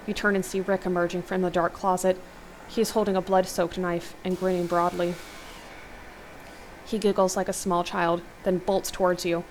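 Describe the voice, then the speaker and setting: A woman host reading an interactive horror novel aloud, steady narration with exclaimed asides. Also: lowish voice, slight background noise. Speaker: let's play host.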